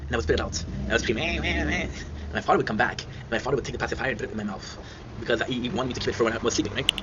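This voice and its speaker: A man's voice: medium pitch, steady tone, rapid-fire. A man telling rambling childhood stories to his viewers, often breaking into laughter. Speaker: channel host. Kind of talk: casual storytelling. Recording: dull lo-fi sound with clear noise.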